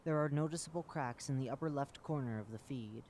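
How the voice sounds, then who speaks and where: Man, narrator, scripted report reading, matter-of-fact, middle pitch, faint noise underneath. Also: fairly quick, a little mellow. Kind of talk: scripted narration of a horror wiki entry.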